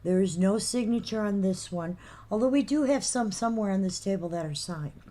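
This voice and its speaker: A woman's voice: mid-range voice, animated, mellow. Chatty woman hosting a live sale. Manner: chatty, reads out item names and numbers slowly. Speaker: host of a live figurine sale. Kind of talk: casual live-sale chat.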